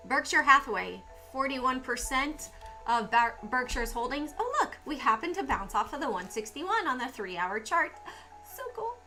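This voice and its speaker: Bright, animated woman hosting a market livestream. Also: high-pitched, moderate pace, soft background music. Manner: animated, exclaims and asks rhetorical questions. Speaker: stock market livestream host. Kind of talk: casual chart commentary.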